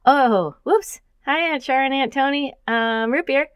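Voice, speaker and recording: A woman voicing a bubbly, teasing young female college student who talks fast and excitedly. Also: high voice, no room sound, clean studio sound, voice pushed up.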